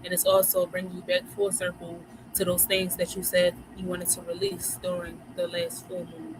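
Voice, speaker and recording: Speaking at a moderate pace with a lowish voice and a completely flat delivery, this livestream host from Philadelphia talks straight to her viewers about moon phases. Her Philly accent comes through in her chatty, slangy style, and background noise is plainly heard.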